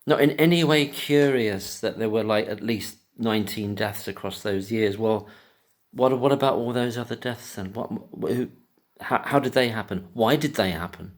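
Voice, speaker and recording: Agitated sweary man ranting. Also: fairly low pitch. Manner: agitated, sweary, restarts words, rapid outbursts. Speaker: commentator. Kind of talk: angry solo rant to camera.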